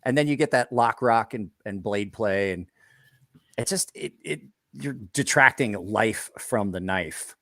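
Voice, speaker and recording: Animated storytelling man, dry close sound. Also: fairly low pitch, a little slow, no room sound. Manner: animated storyteller, acts out quotes, laughs often. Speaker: knife maker. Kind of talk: casual podcast chat.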